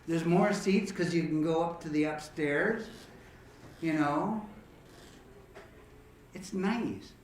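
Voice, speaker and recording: In an echoey parlor, a musical entertainer hosts a program, chatting and joking casually with the audience while a guitar is heard. His voice is on the high side, slow and full of pauses, picked up by a distant mic with roomy echo and a little hiss or hum.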